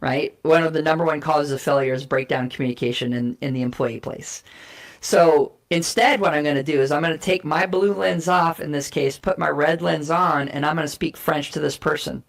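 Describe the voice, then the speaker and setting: A woman guest giving an energetic, persuasive talk on communication styles and acting out short role plays to make her points. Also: low voice, brisk, creaky. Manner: energetic, persuasive, emphatic teaching. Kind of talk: animated explanatory talk with role play.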